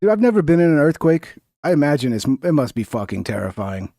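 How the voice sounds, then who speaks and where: A man's voice: fairly high pitch, big pitch swings, fast, dark tone, a little hiss or hum. A young American man hosting a live stream, reacting to news in a casual, rambling way with lots of slang and swearing. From United States.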